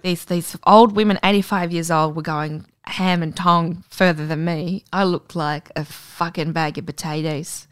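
A woman's voice: lowish voice, unhurried, few pauses, clear, resonant tone, no room sound. Swearing woman, dry sound. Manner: swearing, laughing, lively storytelling. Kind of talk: casual chat.

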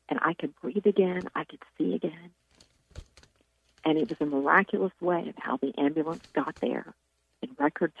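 A woman's voice: low-pitched, vocal fry, breathy edge, no echo. A woman telling her near-death testimony in an earnest, intense way, sometimes dropping to a whisper. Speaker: guest sharing a testimony. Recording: tinny phone-like line, dry.

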